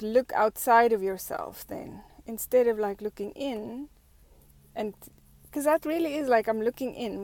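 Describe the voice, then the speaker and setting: A woman's voice: medium pitch, a little mellow. A woman vlogger talking through her thoughts in a reflective, casual way, with lots of fillers and restarts.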